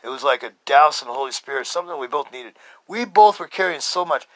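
A man in his fifties telling a story as a podcast host, casual and excitable, swearing and laughing often. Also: fairly high pitch, fast talker, dry recording. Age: 50s.

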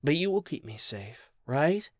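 A man voicing a soft-spoken, innocent and coaxing young man. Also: fairly high pitch, very animated, unhurried, no room sound, clean studio sound.

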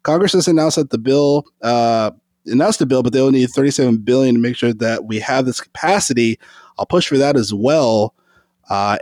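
Male podcast host, mid-pitched voice, stumbling casual news read. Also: a little mellow, no room sound. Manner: hesitant, many fillers when reading. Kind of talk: casual chat, reading news aloud.

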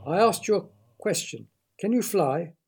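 A man's voice: high-pitched, lively intonation, normal speed, vocal fry, a little mellow, husky, pitched above the performer's own voice, exaggerated voice. A man putting on a coaxing, oddball custard man. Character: odd cheerful custard-swimming man.

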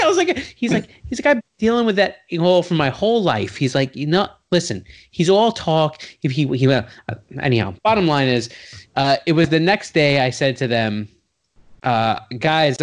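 Animated New man telling a story. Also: on the high side. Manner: animated, acts out quoted voices with sudden loud jumps; heavy use of "like" and restarts, swears casually. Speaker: guest telling his career story. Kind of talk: casual storytelling.

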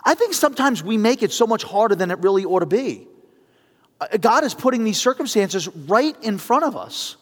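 A middle-aged man preaching a sermon, telling a story with lively voice changes and building to earnest appeals. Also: high voice, moderate pace. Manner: animated, acts out phone voices, builds to appeals. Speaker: pastor. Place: church sanctuary. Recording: long reverb of a church hall.

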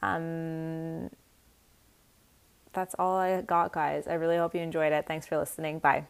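Chatty young woman, slightly low voice. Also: little pitch movement, a little slow, gravelly, clean tone. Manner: chatty, many fillers like "like" and "um". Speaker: podcast host. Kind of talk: casual advice podcast.

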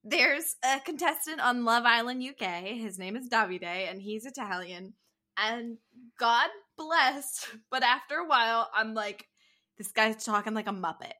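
Animated woman with a bright voice. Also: on the high side, a little slow. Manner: animated, playful, argues her case. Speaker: podcast co-host. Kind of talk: casual movie-review chat.

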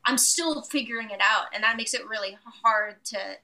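A woman's voice: fairly high pitch, moderate pace, pushed and bright. A woman pianist as an interview guest, talking hesitantly and searching for the right words. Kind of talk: casual interview chat.

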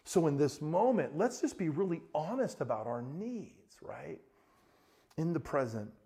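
A middle-aged male pastor delivers a sermon with a slightly high voice. He tells stories with lively energy. He drops low and soft for scripture, then climbs high and loud in the anecdotes. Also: measured pace. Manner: storytelling, animated, rises to excited shouting in anecdotes.

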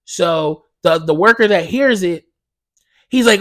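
A man hosting a casual solo podcast, telling stories in a profane, animated way that swings from loud indignation to low mumbled asides. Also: unhurried, dry recording. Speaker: podcast host.

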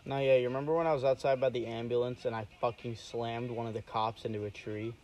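A man's voice: mid-range voice, little pitch movement, fast, a little mellow. A young man in casual chat, talking in a crude, blunt way and laughing easily.

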